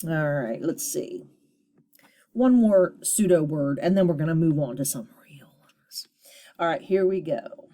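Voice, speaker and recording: A woman teaches a phonics lesson to young children with a patient, encouraging manner. Her voice sits fairly low and she speaks slowly, sounding each syllable out. She keeps praising and nudging her students along. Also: lively intonation, dark tone.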